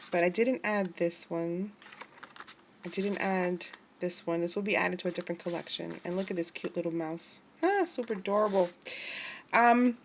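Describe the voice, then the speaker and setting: A woman's voice: mid-range voice, a bit bright, slight background noise. A middle-aged woman who runs a craft shop, chatting casually to her viewers, laughing often and imitating other people as she tells stories. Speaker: craft shop owner vlogger. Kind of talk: casual chat to camera.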